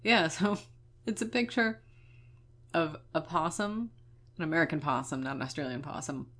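Low-voiced young woman podcast co-host. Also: moderate pace, fairly bright tone. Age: young adult. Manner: joking, laughs often. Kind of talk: casual chat.

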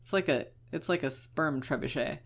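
A woman co-hosting a podcast, chatting casually in a deadpan, rambling, joking way. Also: low voice, moderate pace, gravelly, slightly rough. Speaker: podcast co-host. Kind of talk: casual chat.

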